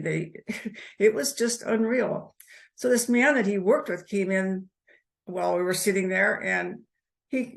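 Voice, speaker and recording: An older woman in her seventies tells her own story as a guest in an interview. Her voice has a gravelly, fried edge at a middling pitch. She pauses, restarts her sentences and slips in soft laughs. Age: 70s. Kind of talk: personal life story told in conversation.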